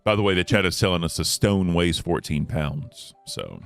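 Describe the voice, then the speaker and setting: A young man co-hosting a casual podcast chat, laid-back and rambling, often trailing off quietly. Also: low voice, normal speed, gravelly, clear, resonant tone, soft background music. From United States. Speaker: co-host.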